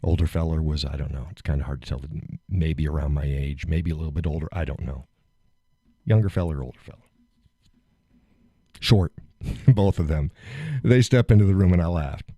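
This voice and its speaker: Hosting a live show, a middle-aged man retells a story in a casual way, performing the quotes, cursing freely and laughing a lot. He has a husky, mellow bass voice at normal speed with long pauses, in clean studio sound with no echo.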